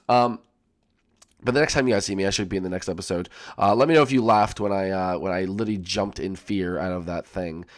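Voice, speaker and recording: A male gaming channel host giving excitable let's-play commentary, repeating himself and talking straight to his viewers. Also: low-pitched.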